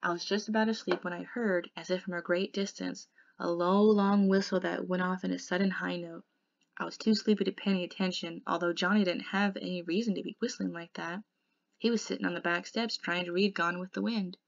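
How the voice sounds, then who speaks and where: A woman tutor reading a novel aloud in steady first-person narration. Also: on the low side, fairly quick, creaky, dry recording, highs cut off.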